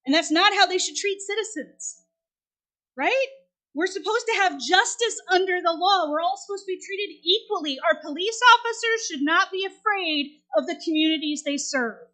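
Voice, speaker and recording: Very high, bright-voiced woman preaching. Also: lively intonation, moderate pace. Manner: conversational storytelling preacher, asks the congregation questions. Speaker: minister. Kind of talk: sermon.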